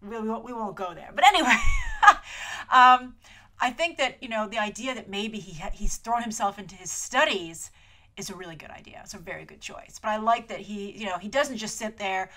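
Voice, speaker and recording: A woman hosting a trailer review show, talking in a chatty, animated way with lots of asides and playful mock voices. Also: medium pitch, brisk. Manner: chatty and animated, full of asides and filler words; playful, slips into mock voices when quoting. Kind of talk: casual trailer review commentary.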